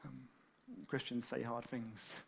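A man preaching a sermon, animated and conversational, with many fillers and repeated words. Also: mid-range voice, slow pace, gravelly, breathy edge. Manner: animated, acts out excited quotes.

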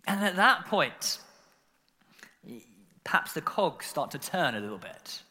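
A man preaching a sermon, telling the story in an animated way with lots of fillers and repeated words. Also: on the high side, unhurried, big-room sound. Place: church.

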